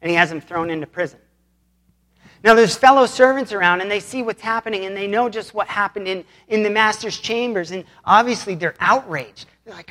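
A pastor delivers a relaxed, conversational sermon at a middle pitch. The pastor retells an old parable in plain, modern words and speaks directly to the congregation. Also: brisk. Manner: plainspoken, retells scripture in everyday terms.

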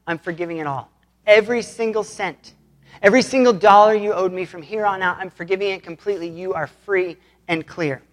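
A pastor playing a generous master who cancels a debt, relaxed and reassuring, in a middle voice. The master is told as part of a spoken sermon. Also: mid-range voice, fairly quick, natural voice. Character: forgiving master, generous and calm.

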